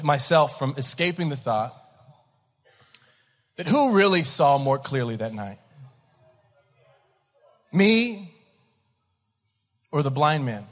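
A man in his thirties preaching a sermon, telling a story with lively acted-out voices and laughter. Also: a little high. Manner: animated storyteller, acts out voices, laughs along. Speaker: pastor. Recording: large hall with long reverb.

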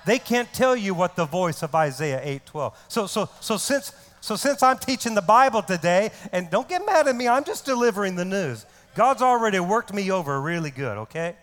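Male pastor, very high voice, fervent shouted sermon, long church-hall reverb. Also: big pitch swings, normal speed, hardly any pauses. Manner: impassioned preacher who shouts and repeats words for emphasis. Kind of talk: fiery sermon.

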